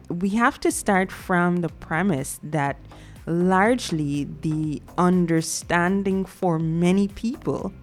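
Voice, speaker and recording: A woman hosting a discussion, deliberate and building her points in lists. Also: lowish voice. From Guyana. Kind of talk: measured discussion.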